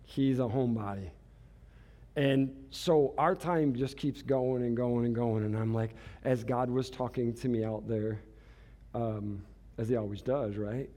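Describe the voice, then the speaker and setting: A man's voice: medium pitch, fairly even intonation, measured pace, dark tone. A man giving a storytelling sermon as a pastor, chatty and self-mocking, laughing at himself.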